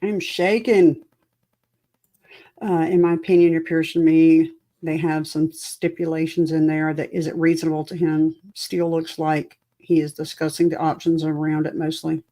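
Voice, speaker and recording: A woman's voice: sits low, completely flat delivery, normal speed, dark tone. Anxious woman streamer reacting live. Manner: anxious, emotional, chatty with viewers. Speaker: livestream host. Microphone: home streaming setup.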